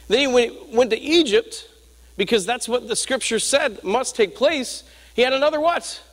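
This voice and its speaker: Preaching with emphasis and storytelling, a man whose voice is strikingly high poses rhetorical questions and trades call-and-response with his listeners. His words echo with a lengthy reverb, like in a big church sanctuary.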